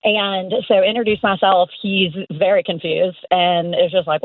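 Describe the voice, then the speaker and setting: A woman's voice: medium pitch, normal speed, dry recording. Woman in her thirties on a phone line. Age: 30s. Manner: animated, laughing storyteller. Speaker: caller. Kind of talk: casual storytelling on a call-in show. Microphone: phone call.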